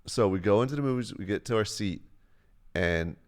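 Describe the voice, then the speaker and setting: A man's voice: on the low side, fairly quick. A young man on a live stream, casually telling a rambling, profane story. He often acts out what people said in a raised voice.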